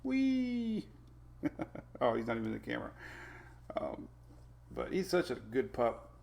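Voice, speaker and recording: Gravelly, chatty weather host. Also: male voice, mid-range voice, moderate pace. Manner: rambling, reads out viewer names and talks to his puppies. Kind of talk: casual live-stream chat.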